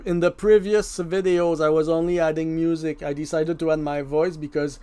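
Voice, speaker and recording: A man with a French accent narrating his own craft tutorial as a relaxed, casual voice-over, self-deprecating and swearing now and then. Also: a little high, moderate pace, smooth. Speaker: mask-making channel host.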